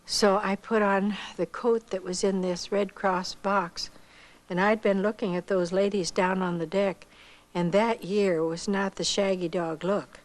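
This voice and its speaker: An older woman shares a story from her own life. Her voice sits at an ordinary middle pitch, and she talks in an unhurried, folksy way, pausing now and then and hesitating softly as she recalls the details. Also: steady tone, low-quality recording. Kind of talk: personal storytelling.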